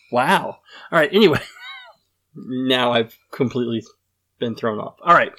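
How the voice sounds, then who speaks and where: A man's voice: mid-range voice, a bit bright. A man hosting a casual podcast, rambling and self-deprecating, with lots of fillers and restarts. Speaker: podcast host.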